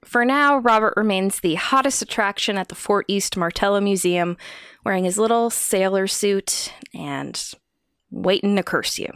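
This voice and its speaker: A woman's voice: medium pitch, normal speed, fairly bright tone, smooth, dry recording, clean studio sound. A woman co-hosting a casual podcast, telling eerie stories with frequent laughs. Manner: giggly, storytelling. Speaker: podcast co-host. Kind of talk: casual chat.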